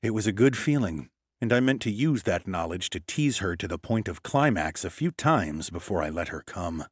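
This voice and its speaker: A male narrator reads a first-person story in a cool, matter-of-fact way. His voice sits very low, with lively swings in pitch. The close-miked recording is dry, with no room sound. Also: moderate pace, slightly rough, no echo. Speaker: audiobook narrator.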